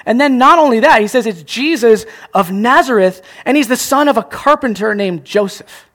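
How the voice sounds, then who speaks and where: Lively high-voiced male pastor preaching. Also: moderate pace. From Canada. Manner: animated, acts out voices, self-mocking jokes. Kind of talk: sermon.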